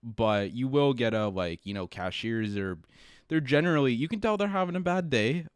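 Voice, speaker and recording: A man's voice: medium pitch, expressive, normal speed, smooth, no room sound, clean studio sound. A man co-hosting a casual podcast, laid-back, swearing casually and trailing off into laughter. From Canada. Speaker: podcast co-host. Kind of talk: casual chat.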